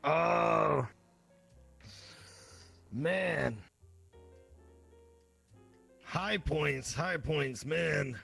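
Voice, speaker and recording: Brief: laid-back man, gravelly throat-bass voice, husky edge, low music in the back. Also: normal speed, fairly bright tone. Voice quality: gravelly deep put-on throat voice. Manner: laid-back, swears casually. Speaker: guest, streamer. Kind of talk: casual interview chat.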